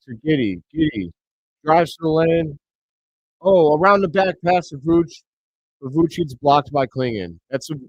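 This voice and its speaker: A man hosting a live reaction stream, calling the action play by play and bursting into excited shouts on big plays. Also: a little high, no room sound. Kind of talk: play-by-play commentary. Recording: dry, slightly dull home mic.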